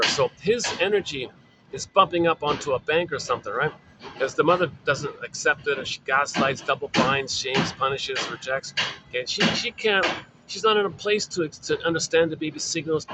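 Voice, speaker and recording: Over a noisy background, a man with a fairly high voice delivers a casual spoken lecture about psychoanalysis. He repeats himself a lot and uses plenty of filler words.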